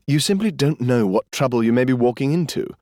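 A man's voice: mid-range voice, animated, brisk, darkish tone, no echo, voice pushed up, lightly acted. A man voicing a weary fifty-five-year-old diplomat in an audiobook, speaking dryly and patiently. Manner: dry, patient, protesting. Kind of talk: audiobook character voice.

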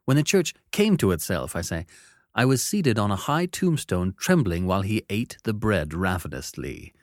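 A man giving expressive, dramatic first-person narration of a classic novel. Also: lowish voice, normal speed, dry recording, clean studio sound.

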